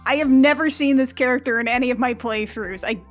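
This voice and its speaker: A woman's voice: fairly high pitch, fast, faint music behind. A young adult woman giving casual, sarcastic commentary while playing a game with friends. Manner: sarcastic, mocking. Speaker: let's play host.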